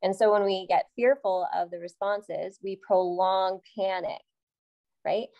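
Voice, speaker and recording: A Canadian woman, a psychotherapist guest on a podcast, explaining things calmly and steadily. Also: medium pitch, a little slow, dull audio. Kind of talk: explanatory conversation.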